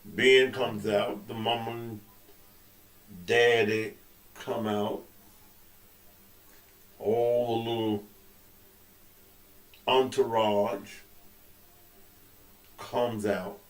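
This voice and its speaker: Male host with a cold; slow, profane, emphatic delivery; roomy echo. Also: flat delivery. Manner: profane and emphatic, swings from low to loud. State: suffering with a cold. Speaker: show host. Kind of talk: casual talk-show commentary. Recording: echoey room.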